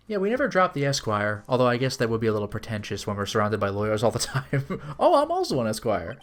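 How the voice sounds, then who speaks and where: A man's voice: mid-range voice, very animated, moderate pace, faint music behind. A man chatting casually and joking while streaming a game, with chatty asides.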